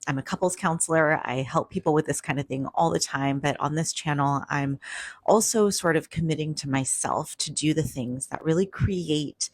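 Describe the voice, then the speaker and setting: A woman's voice: low voice, husky, no echo. A woman couples counselor talking straight to her viewers in a casual, conversational way, acting out quoted lines from partners. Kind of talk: direct-to-camera explainer.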